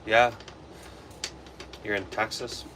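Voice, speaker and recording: Young Wisconsin guy, low voice, rambling livestreamer talk, steady background noise. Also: slow pace. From Wisconsin, USA. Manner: relaxed, rambling, answers chat comments. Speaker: livestream host. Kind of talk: casual livestream chat while reloading ammo.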